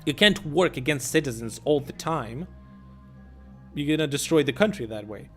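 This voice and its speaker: A man's voice: a little high, lively intonation, moderate pace, a bit bright, soft background music. A young man ranting sarcastically and with lots of swearing while commenting on a live stream.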